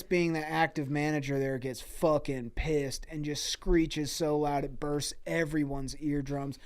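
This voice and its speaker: A young man spins an absurd comic tale with loose, swear-laden slang. His voice sits a little high and sounds smooth and clear as he rambles on. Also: a little mellow. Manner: laid-back, profane, dude-heavy slang. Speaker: podcast co-host. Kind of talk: improvised comic storytelling.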